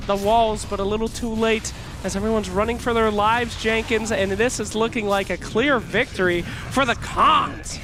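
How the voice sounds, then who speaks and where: A man casting a video game match with play-by-play commentary, joking, laughing often and shouting in big moments. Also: high voice, normal speed, music in the background. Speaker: esports caster.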